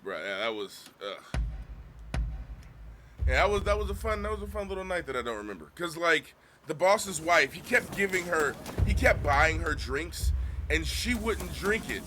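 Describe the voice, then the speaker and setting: A man who streams games and does stand-up, telling stories in a laid-back, slangy way with lively retellings. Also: fairly high pitch, normal speed. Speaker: Twitch streamer and stand-up comedian. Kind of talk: casual storytelling on a game stream. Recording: game music playing underneath. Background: video game music.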